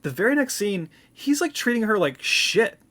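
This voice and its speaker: A man co-hosting a film podcast, talking in a casual, animated way with lots of "like". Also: high voice, moderate pace. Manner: animated, laughing, many "like"s. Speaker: podcast co-host. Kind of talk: casual chat.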